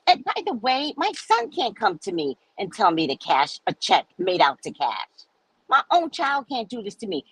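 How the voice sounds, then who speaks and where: A woman host telling her viewers a story in a casual, animated way, cursing freely and acting out what people said. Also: mid-range voice, normal speed, husky, no room sound, rough recording. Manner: animated, profane, acts out quoted people. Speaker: psychic reader and host.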